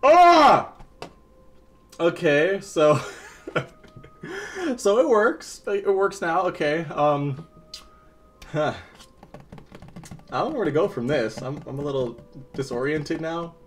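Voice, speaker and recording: A man's voice: fairly high pitch, big pitch swings, takes it slowly, long pauses. A man talking through a toy unboxing to viewers, exasperated and jumpy, breaking into laughter. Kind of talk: casual unboxing commentary.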